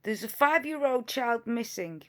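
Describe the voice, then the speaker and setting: A woman's voice: on the high side, lively intonation, measured pace, fairly bright tone. Emphatic woman commenting on clips. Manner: emphatic, repetitive, indignant; sarcastic. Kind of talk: reaction commentary on video clips.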